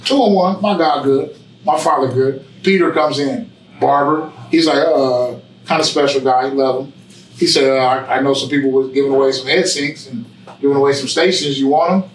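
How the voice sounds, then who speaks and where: A man telling his story in a casual interview, with preachy, animated storytelling and street slang. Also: medium pitch, moderate pace, echoey room, recorded from a distance, slight background noise, poor audio. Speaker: guest, barbershop owner. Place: barbershop.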